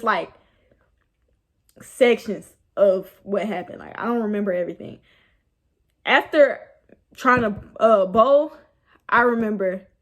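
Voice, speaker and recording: A young woman, casually telling a rambling, animated story about her night out. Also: mid-range voice. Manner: animated, rambling, laughs at herself. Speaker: vlogger.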